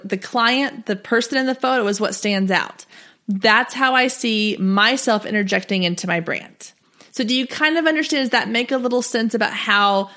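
A woman's voice: a little high, fairly bright tone. A woman in her thirties hosting a solo podcast, coaching small business owners in a chatty, direct and encouraging way.

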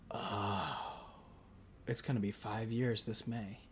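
A podcast host in their early twenties runs a loose, casual solo show, rambling and drifting with self-aware asides and frequent giggles. Chatty and self-conscious, they laugh often and talk to themselves in a middle-pitched voice, with slight background noise.

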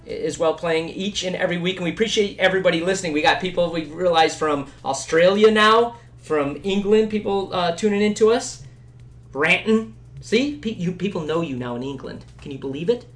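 A man's voice: high-pitched, moderate pace. Middle-aged man, laid-back gaming podcast host, rambling chat. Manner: relaxed, rambling, upbeat when signing off. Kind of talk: casual family gaming chat.

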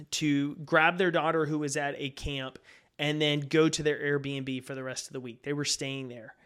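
A man's voice: on the high side, fairly bright tone, clear, resonant tone. A man, hosting a solo podcast and telling a personal story in an earnest, conversational way. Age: 40s. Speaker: podcast host and speaker.

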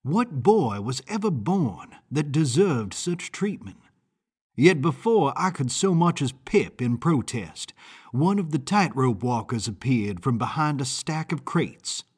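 Slow, husky male audiobook narrator. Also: medium pitch, very animated, a little mellow. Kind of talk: first-person audiobook narration.

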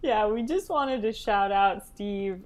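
A woman co-hosting a casual chat, chatty and quick to laugh. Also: medium pitch, lively intonation. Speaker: podcast co-host.

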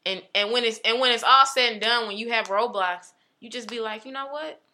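Young woman chatting, really bright sharp voice, gets emphatic and animated, casual talk. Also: fairly high pitch, fairly quick. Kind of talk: casual chat.

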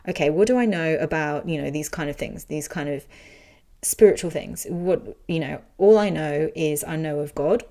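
Low gravelly woman telling her story. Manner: frank, animated, swears freely. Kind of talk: casual personal storytelling.

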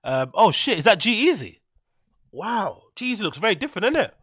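A man's voice: high voice, big pitch swings, moderate pace, a bit bright, slightly rough, no echo, studio quality. A man with a British accent rambling through a casual solo podcast, mocking and swearing freely as he talks. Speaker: podcast host.

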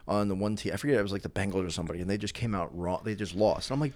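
Low, dry-voiced rambling young man. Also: animated, very fast, few pauses, no room sound. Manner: rambling, many restarts and filler words. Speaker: podcast co-host. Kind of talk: casual chat.

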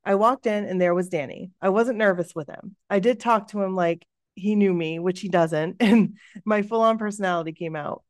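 A woman hosts a podcast and reads a listener's story aloud with lively expression. Her voice sits in a middle pitch, and the recording is dry and close with little room sound. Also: moderate pace, few pauses, no room sound. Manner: lively, expressive reading with laughs. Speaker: podcast host.

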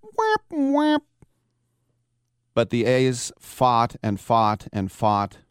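A man hosting a live sports talk radio show, telling baseball stories in a casual, animated way. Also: medium pitch, slow pace, clear, resonant tone, dry recording, clean studio sound. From San Francisco Bay Area. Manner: storytelling, animated, acts out quotes.

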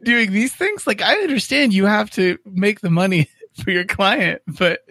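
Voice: mid-range voice, expressive, a little slow, a bit bright, no room sound. Joking podcast co-host, dry sound. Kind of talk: casual chat.

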